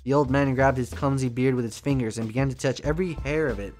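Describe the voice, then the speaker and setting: A man reading a scripted story aloud in a measured storytelling voice. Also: mid-range voice, steady tone, darkish tone, faint music behind. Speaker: narrator.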